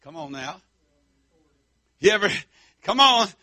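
A middle-aged man preaching a fiery country sermon, whooping and shouting, then dropping low and soft. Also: sing-song, takes it slowly, dry recording.

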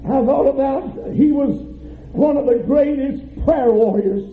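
High-voiced preaching pastor, echoey tinny church. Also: male voice, slight background noise. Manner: preaching with rising fervor and drawn-out emphasis. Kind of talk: sermon. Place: church sanctuary.

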